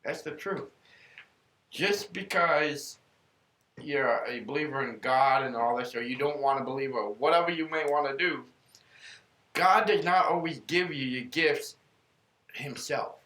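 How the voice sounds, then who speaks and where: Earnest podcast host, male, bright and forceful, roomy echo. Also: medium pitch, unhurried. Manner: earnest, rambling storyteller. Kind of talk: casual faith podcast talk, storytelling.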